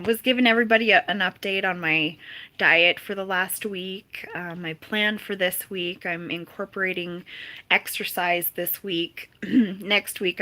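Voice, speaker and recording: A mid-range voice with a pushed, bright quality belongs to a woman running a casual live stream. Frequently giggling between greetings, she reads viewers' comments and replies to them with plenty of laughter.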